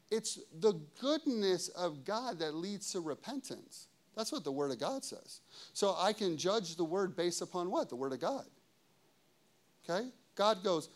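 A man with a high voice preaches with fervor, driving his points home through repetition. He swings from ringing, forceful declarations down to soft, hushed stretches, as a pastor speaking to his congregation. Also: big pitch swings, moderate pace. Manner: emphatic preaching, swings between loud declarations and hushed intimate passages. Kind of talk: sermon.

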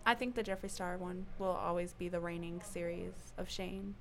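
A teenage girl guest in a casual chat, hesitant and dry, with many pauses. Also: fairly low pitch, fairly even intonation, gravelly, crowd noise. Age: teens.

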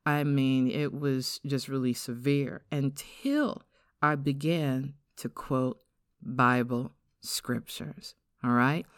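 A middle-aged podcast host with an African-American English accent gives an earnest, reflective personal testimony, slowing down to stress key words. Her very deep voice stays steady, captured in clean studio sound without echo.

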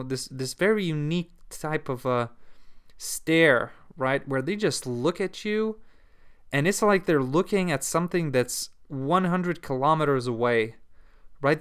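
A man's voice: fairly high pitch, a bit bright, clean tone. A man at home talking casually to camera, rambling and swearing, full of fillers and restarts.

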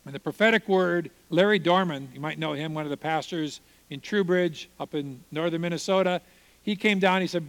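A man telling a personal testimony as a sermon, acting out the people he quotes and swinging from loud praise to hushed, tearful moments. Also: high voice, brisk. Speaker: preacher. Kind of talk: sermon storytelling.

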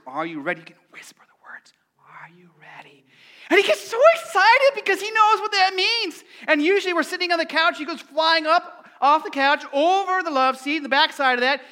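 A middle-aged man preaching a lively, playful sermon and asking the congregation questions. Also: very high voice. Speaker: pastor.

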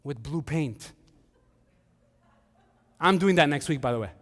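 Animated high-voiced male pastor. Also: measured pace, in a large hall. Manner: animated, acts out quoted voices, joking asides. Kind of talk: sermon.

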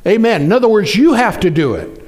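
A man's voice: sits high, lively intonation, brisk, darkish tone. A man preaching a sermon, exhorting the congregation and telling a story loosely with many restarts.

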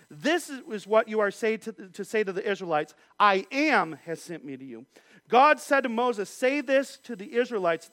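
A man's voice: high-pitched, fairly bright tone, no room sound. A man teaching a Bible study, reading scripture passages aloud and then explaining them.

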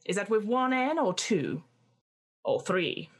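A woman's voice: medium pitch, sing-song, takes it slowly. A woman voicing a frantic, gushing female magazine editor who calls everyone honey and dear.

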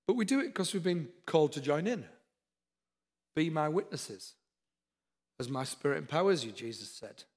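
A man's voice: a little high, sing-song, normal speed, long pauses, husky. A man preaching a sermon, with earnest, repeated exhortations. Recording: long hall reverb.

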